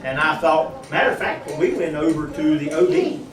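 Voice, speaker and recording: A husband with a slightly high voice, speaking fairly quickly, shares a personal testimony with a church congregation. He tells it in an animated way, acting out the conversations he quotes. The recording is distant and echoey, with a crowd present.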